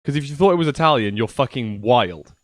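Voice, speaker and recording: A man's voice: mid-range voice, lively intonation, a little fast, dry recording, clean studio sound. A young man rambling casually to his viewers on a livestream from his computer, swearing now and then. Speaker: streamer. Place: at home at a PC.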